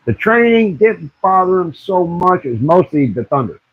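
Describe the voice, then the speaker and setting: An older man hosting a casual livestream, telling animated stories and acting out the voices of people he quotes. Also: high voice, normal speed, husky, lo-fi sound. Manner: animated storyteller who acts out quoted voices. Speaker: livestream host.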